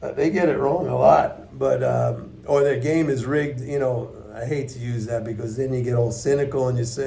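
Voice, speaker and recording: A man's voice: mid-range voice, steady tone, normal speed, creaky, hardly any pauses, warm tone, a little hiss or hum. A man giving blunt, emphatic, unscripted market commentary to his viewers, often repeating points for stress. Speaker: economics commentator.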